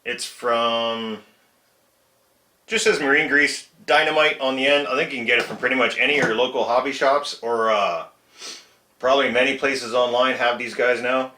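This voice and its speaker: A man's voice: mid-range voice, fairly even intonation, normal speed, sharp tone, reverberant. A man hosting a casual hobby repair vlog, chatty and self-mocking, chuckling at his own mistakes while he works. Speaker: RC truck hobbyist channel host. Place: home shed workshop.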